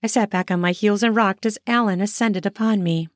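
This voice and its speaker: Soft, intimate woman reading an erotic story. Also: mid-range voice, no room sound, clean studio sound. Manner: intimate, soft, drawn-out delivery. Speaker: narrator. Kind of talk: first-person erotic audio story reading.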